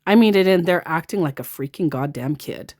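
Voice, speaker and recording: A woman's voice: low voice, lively intonation, a little fast, a little mellow. A woman giving blunt, sarcastic casual commentary as a scam baiter.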